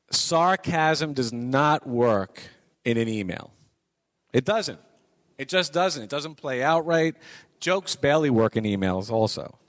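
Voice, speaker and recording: A man's voice: mid-range voice, no echo. Middle-aged guy lecturing college kids, chatty, repeats himself, dry close sound. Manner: conversational, repeats points for emphasis. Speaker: guest speaker on business writing.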